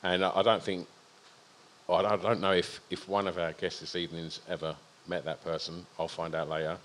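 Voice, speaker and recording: A man's voice: low-pitched, little pitch movement, brisk, fairly bright tone, a little hiss or hum, low-quality recording. A man hosting a casual chat, sweary and teasing. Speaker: host.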